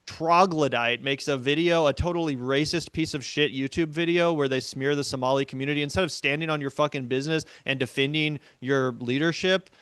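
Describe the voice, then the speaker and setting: A man in casual political talk, ranting in a heated, profane, rapid-fire way. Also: on the high side, fairly even intonation, a bit bright, smooth, dry recording.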